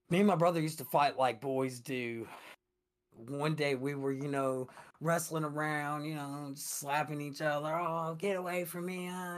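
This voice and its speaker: A young man co-hosting a casual podcast, telling stories in an animated way and swearing a lot. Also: medium pitch. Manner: animated storyteller, heavy swearing. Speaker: podcast co-host.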